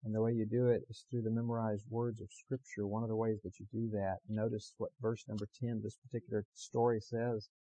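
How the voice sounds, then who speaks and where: A man preaching a sermon, moving from calm storytelling to loud, impassioned preaching that repeats phrases for emphasis. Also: lowish voice, fairly quick, few pauses, no room sound, low-quality recording. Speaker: pastor.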